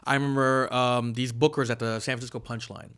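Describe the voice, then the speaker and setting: A comedian guest on a casual podcast tells stories wryly, acting out the people he quotes in their voices. His mid-range voice is level, fairly quick and a bit bright, with a clear, resonant tone.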